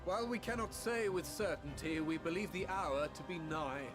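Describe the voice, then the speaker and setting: Solemn official voiced by a man, formal and measured, slightly raised pitch, game music underneath. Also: natural voice. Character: solemn male official revealing a grave secret. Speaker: game character.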